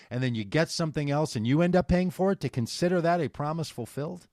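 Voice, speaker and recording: A man's voice: on the high side, expressive, quick pace, few pauses, darkish tone, dry recording, studio quality. A man hosting a political talk radio show, delivering an impassioned, sarcastic monologue and taking calls.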